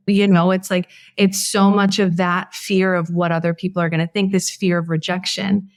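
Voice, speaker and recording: A woman hosts a podcast in a relaxed, casual conversation, speaking in a lowish, earnest and heartfelt voice while thinking aloud. She keeps a moderate pace with hardly any pauses. The sound is dry and close, with almost no room and no echo.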